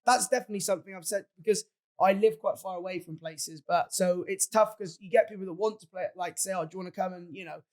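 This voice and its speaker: A young man telling stories as a podcast guest, in a fast, excitable way with many restarts. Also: sits high. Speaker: guest content creator. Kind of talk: casual podcast chat.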